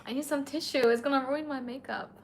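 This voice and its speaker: A woman's voice: high-pitched, fairly even intonation, fast talker, a little hiss or hum. A young woman streaming late at night, a bit tipsy and emotional, tearfully answering her chat in casual talk.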